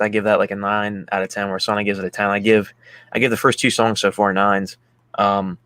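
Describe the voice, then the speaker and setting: Low-voiced guy hosting a chill music stream, super into it, swears a lot, dry close sound. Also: a bit bright, clear, resonant tone, no echo. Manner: enthusiastic, swears casually. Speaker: podcast host. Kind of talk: casual music chat.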